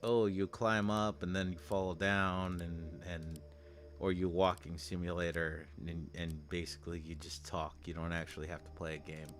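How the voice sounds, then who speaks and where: Low-voiced man ranting with lots of swearing. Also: level tone, normal speed, a little hiss or hum. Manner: profane, exasperated ranting. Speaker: streamer. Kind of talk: casual game-stream rant.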